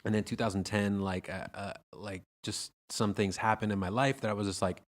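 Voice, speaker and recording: A man with a fairly low voice hosts a casual podcast conversation. He rambles and circles back, filling gaps with "like" and false starts. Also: fairly even intonation, a little fast. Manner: rambling, heavy use of "like", many restarts. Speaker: podcast host. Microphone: podcast microphone, also streamed live on video.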